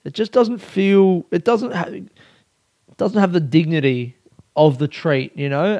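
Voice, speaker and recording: A man's voice: on the high side, measured pace, a little mellow, no room sound, clean studio sound. A young man hosting a casual solo podcast, rambling and self-mocking, swearing often and laughing at himself. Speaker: podcast host.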